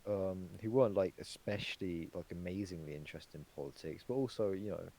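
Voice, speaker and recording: A man's voice: low voice, fairly quick, warm tone, poor audio. A young man chatting casually on a podcast, rambling with lots of fillers and swearing. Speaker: podcast co-host. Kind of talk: casual chat.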